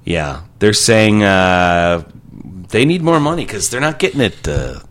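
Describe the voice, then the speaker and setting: A man with a low voice that swings up and down a lot as he reads out odd news items. He talks in a loose, wry, rambling way, like a radio co-host bantering on air. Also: big pitch swings, unhurried.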